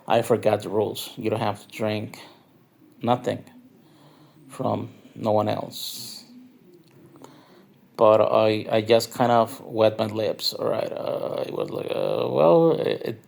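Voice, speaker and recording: A man's voice: fairly low pitch, gravelly, darkish tone. A tipsy man from northern Mexico, rambling through a profane, filler-heavy nightlife story. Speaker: nightlife vlogger. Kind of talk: rambling drunk review monologue.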